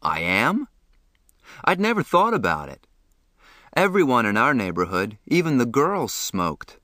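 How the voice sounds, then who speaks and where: A man narrating a novel in the first person, reading in a measured, plain way. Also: medium pitch, huge pitch swings, bright, forceful tone, dry recording, studio quality. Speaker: audiobook narrator.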